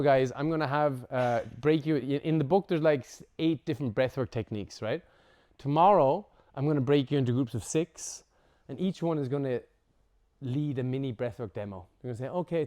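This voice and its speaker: A man teaching a breathwork workshop to a group, casual and lively, swearing now and then and acting out examples. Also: medium pitch. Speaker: breathwork instructor.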